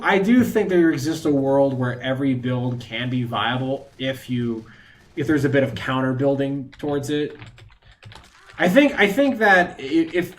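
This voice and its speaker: A man live-streaming from home into a desk microphone, rambling casually to his chat and laughing often. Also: mid-range voice.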